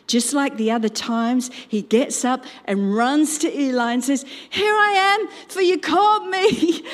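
A woman telling a Bible story in an expressive storytelling style, with personal asides. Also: medium pitch. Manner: slow, animated storytelling with asides. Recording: long reverb.

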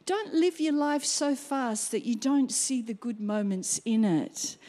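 Woman preaching, high and lively. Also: a little slow. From Australia. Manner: animated, acting out her own exclamations. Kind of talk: sermon.

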